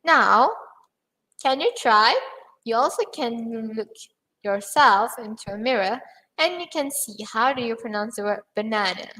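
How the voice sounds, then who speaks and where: A woman's voice: fairly high pitch, lively intonation, unhurried, sharp tone, poor audio. A young woman teaching English pronunciation in an online lesson, patiently repeating words for learners.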